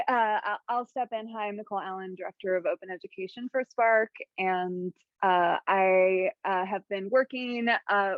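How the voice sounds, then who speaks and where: A woman's voice: medium pitch, dry recording. A woman director speaks hesitantly and stops often to gather her words. Her voice comes through a dry, dull video call line. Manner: hesitant, many fillers. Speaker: director of open education. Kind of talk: closing remarks on a video call.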